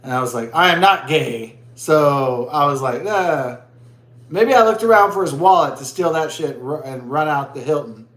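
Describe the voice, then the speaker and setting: A man's voice: medium pitch, echoey room. A man vlogging as he drinks a beer, telling a rambling story in crude, profane, rambling talk.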